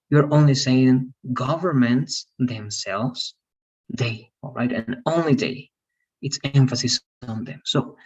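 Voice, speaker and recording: An English teacher giving an online grammar lesson, explaining step by step and often checking if students follow. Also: medium pitch. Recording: distant, dull online class audio.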